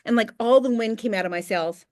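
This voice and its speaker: A woman in her thirties hosting a casual motivational team call, chatty and candid, with quick asides and faith talk. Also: fairly high pitch, no room sound, clean studio sound.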